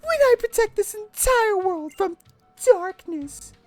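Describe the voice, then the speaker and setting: A haughty, cruel villainess mother sneers down at everyone in a high, lilting voice, as a woman puts her on. Her delivery is unhurried and theatrical, rising and falling with drama. The sound is dry and close, with faint music beneath. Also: expressive, no room sound, heavily acted. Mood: cold disdain. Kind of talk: voicing game text aloud.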